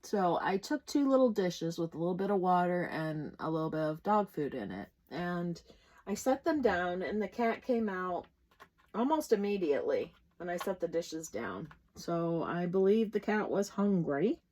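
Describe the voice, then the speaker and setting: A woman's voice: on the low side, very animated, normal speed, a little mellow, low-quality recording. A middle-aged woman from the Midwestern United States chatting casually while she works on a craft kit, telling a story in a rambling way with many fillers and restarts. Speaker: crafting vlogger. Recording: noticeable background noise.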